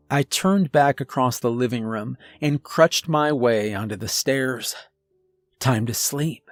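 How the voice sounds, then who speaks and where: A man reading a scripted first-person horror story in a slow, measured way. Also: medium pitch, fairly even intonation, dry recording, faint music behind. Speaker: narrator.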